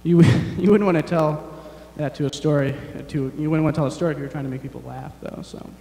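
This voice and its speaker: A young man performing a rambling, self-deprecating stand-up set, halting often with fillers. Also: fairly high pitch, steady tone, vocal fry, mellow, reverberant, long reverb tail. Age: young adult. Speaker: stand-up comedian. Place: large chapel hall on stage.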